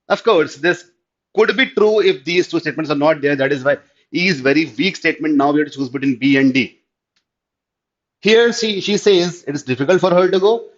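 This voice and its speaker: Indian male tutor, online lecture, higher voice, keeps checking "clear?", dull lo-fi audio. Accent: Indian English. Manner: explanatory, checks understanding with repeated "clear?", mixes in Hindi. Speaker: teacher.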